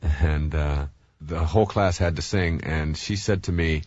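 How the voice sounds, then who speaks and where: A middle-aged man giving a recorded self-help talk, telling stories in an animated way with many fillers and restarts. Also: very deep voice, measured pace, no echo.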